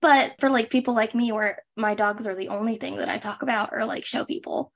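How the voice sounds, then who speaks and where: Young woman, podcast co-host, casual chat, rambling, fairly high voice. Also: fairly quick, creaky. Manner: chatty, trails off and restarts, lots of "like".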